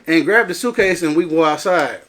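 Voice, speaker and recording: Man, high pitch, casual storytelling, animated, laughs a lot. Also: a little fast. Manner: animated, acts out quotes, laughs often. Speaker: cast member telling a story.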